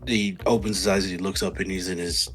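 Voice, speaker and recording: A man's voice: deep voice, level tone, fast. A man playing a tabletop role-playing game, narrating his character's actions. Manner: shifts between third-person narration and shouted character lines. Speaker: player.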